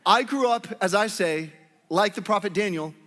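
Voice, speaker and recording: At a moderate pace, the pastor preaches in a high, somewhat bright voice, teasing his congregation in good humor. He is from Northwest Arkansas, and the church hall adds a long reverb to the recording.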